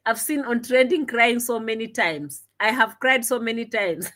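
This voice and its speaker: A woman's voice: a little high, moderate pace, bright, forceful tone. A woman commentator reacting to a clip, talking in an indignant, mocking way and sometimes laughing. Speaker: commentary vlogger. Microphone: desk camera.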